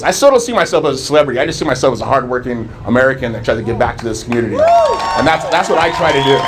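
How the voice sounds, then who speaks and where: A man's voice: medium pitch, slight background noise. A man in his forties from Southern California, telling his life story to a live audience with earnest storytelling and acting out remembered dialogue. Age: 40s. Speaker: public speaker.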